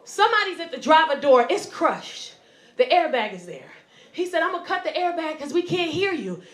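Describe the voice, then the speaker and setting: A woman stand-up comedian delivers a story into a handheld mic in a comedy club. Her voice sits high, and she tells it animatedly, acting out the other voices. The room around her echoes. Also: a little fast. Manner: animated, acts out voices and shouts.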